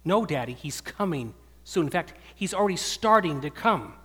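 A man's voice: on the high side, lively intonation, normal speed, a bit bright, husky. A man voicing his small daughter, an earnest little girl who insists her family be ready, pleading and emphatic, with long hall reverb. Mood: insistent.

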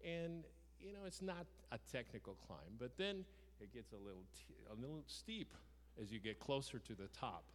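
A man preaching, telling a story from his own life in a lively way, acting out his shouts and the lines of dialogue. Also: mid-range voice, moderate pace. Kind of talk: storytelling sermon. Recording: long hall reverb.

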